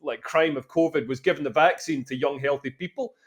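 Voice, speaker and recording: A man's voice: a little high, a little fast. A man, co-hosting a comedy podcast and arguing his point with frequent restarts and swearing. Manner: sweary, argumentative, restarts a lot. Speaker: podcast co-host. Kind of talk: casual comedy podcast chat.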